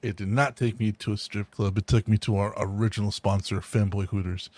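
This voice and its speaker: A man's voice: lowish voice, steady tone, a little fast, darkish tone, no echo. Laid-back joking man, dry close sound. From US South. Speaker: podcast co-host. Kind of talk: casual chat.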